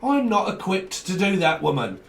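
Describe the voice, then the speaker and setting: A man's voice: high-pitched, big pitch swings, normal speed, creaky, reverberant, far from the mic. A man giving a casual, rambling tarot reading, full of slang and acting out little exchanges in different voices. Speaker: tarot reader.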